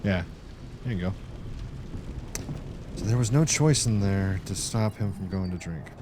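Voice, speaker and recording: A man's voice: low voice, a little slow, noisy background. A man streaming a game, rambling casually and chatting with viewers as he plays. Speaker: gaming streamer. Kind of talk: casual live-stream commentary.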